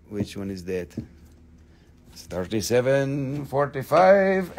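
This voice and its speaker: A man hosting a live sales stream, excitable and theatrical, swearing freely as he gushes over the goods. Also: mid-range voice, takes it slowly. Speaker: live-stream seller, host.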